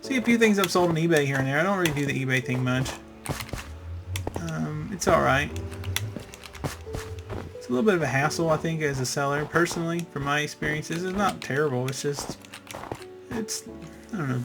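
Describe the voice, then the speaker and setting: On the higher side and marked by vocal fry, a man's voice carries this casual let's-play. The gaming channel host rambles and chats through his game, dropping in fillers and small sound effects.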